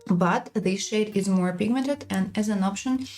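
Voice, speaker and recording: Slow-talking woman reviewing makeup. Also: mid-range voice, darkish tone, faint music behind. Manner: frank, unhurried product critique. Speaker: beauty vlogger.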